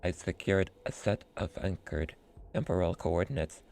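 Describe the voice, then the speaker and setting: A man voicing a stately male robot scholar in a slow, formal robotic monotone. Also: low voice, vocal fry, voice pushed down. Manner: measured, formal delivery.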